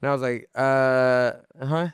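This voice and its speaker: A young man telling a festival story on a podcast in casual chat, animated, full of fillers, restarts and swearing. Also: medium pitch, a little slow, smooth, no room sound, clean studio sound. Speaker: podcast guest.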